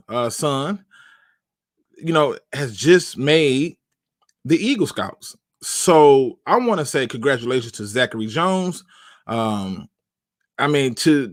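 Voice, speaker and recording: A man hosting a live sports talk stream, chatting casually with slang and repeated starts, giving shout-outs and opinions. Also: mid-range voice, no room sound, clean studio sound. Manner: conversational, repeats himself, uses slang. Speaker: podcast host.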